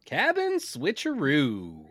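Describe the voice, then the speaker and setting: A man's voice: a little high, wildly swooping pitch, slow pace, fairly bright tone, dry recording, studio quality. A man, a laid-back podcast co-host telling a story in casual chat and swearing freely.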